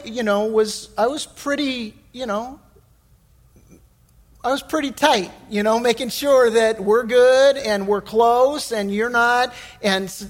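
A middle-aged man preaching a sermon as pastor, telling stories in a folksy, animated way with many restarts. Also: very high voice, in a large hall. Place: church sanctuary.

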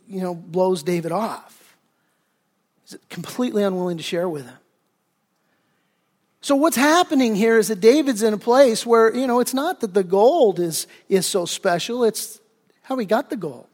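A man preaching a sermon as pastor, animated, acting out the voices he quotes. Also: high-pitched. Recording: long hall reverb.

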